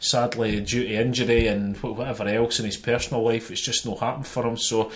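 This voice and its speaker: A Scottish man co-hosting a football podcast, talking in a loose, animated way. He laughs easily, drops the odd swear word and sits at an average pitch for a man. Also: fairly quick. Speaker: podcast co-host. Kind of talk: casual football chat.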